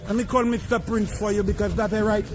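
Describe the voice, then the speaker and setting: A man in the street, exasperated and protesting loudly at police as the scene is filmed. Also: sits high, steady tone, fast, slight background noise. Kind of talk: heated street argument. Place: outdoors on a street. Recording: crowd around him in the street.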